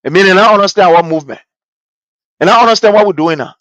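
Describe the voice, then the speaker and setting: A fervent political speaker rallies supporters abroad, repeating phrases over and over. The voice sits in a middle pitch and sounds close and dry, with no room echo. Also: fast, a bit bright, highs cut off. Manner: fervent, repetitive rallying cries. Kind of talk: impassioned political address.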